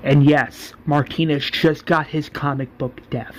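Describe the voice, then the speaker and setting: A man's voice: on the high side, fairly even intonation, unhurried, background noise. A man giving a casual, rambling spoken recap, full of fillers, acting out the lines. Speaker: fan recapper.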